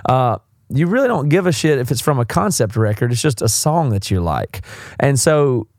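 A Southern-accented male podcast host talks at an ordinary pitch, loose and candid, often doubling back to correct himself. His voice sits dry and close with no room around it. He wanders a little as he answers listener questions. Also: big pitch swings, moderate pace, dry recording. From South Carolina, US. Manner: rambling, candid, self-correcting.

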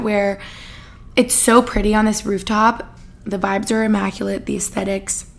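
A woman's voice: medium pitch, creaky. A young woman in her twenties from the Boston area, hosting a casual solo podcast, chatty and giggly, with lots of fillers. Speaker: podcast host.

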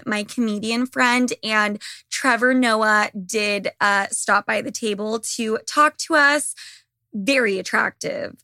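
A young woman with a pushed, bright voice on the high side hosts a podcast, recorded in clean studio sound without echo. Her casual monologue to listeners is blunt, gossipy, and heavy on swearing, and her voice sounds a bit worn since she's losing it.

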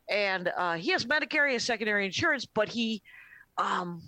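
A woman comedian casually telling a long, animated story on a podcast, often quoting her dad. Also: mid-range voice, fairly quick, dry recording. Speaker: comedian guest.

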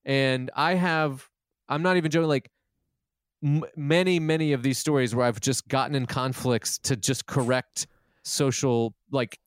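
A man's voice: medium pitch, unhurried, smooth, dry recording, studio quality. A man who is a comedian, talking in a casual chat, self-deprecating and rambling, with many restarts, and swearing freely when he acts out a scene. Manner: profane and animated when retelling scenes.

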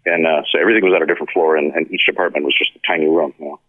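An effects pedal maker with an extremely low voice races through his stories, and there's no room sound on the tinny, phone-like recording. He's being interviewed casually and brings his tales to life by voicing the other people in them.

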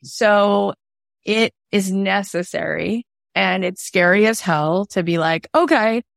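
A woman's voice: medium pitch, fairly even intonation, takes it slowly, gravelly, no echo, clean studio sound. A woman hosting a candid podcast conversation, telling stories animatedly, laughing and acting out quotes. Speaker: podcast host.

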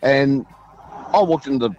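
A man's voice: mid-range voice, moderate pace, darkish tone, faint music behind. An Australian man calling in to a radio show, spinning a laid-back yarn. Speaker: caller. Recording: dull phone-in line.

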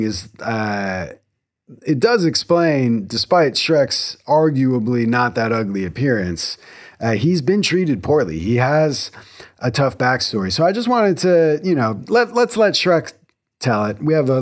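Man, podcast host, casual chat, rambling, jokey, mid-pitched voice. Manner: rambling, full of fillers and restarts, jokey.

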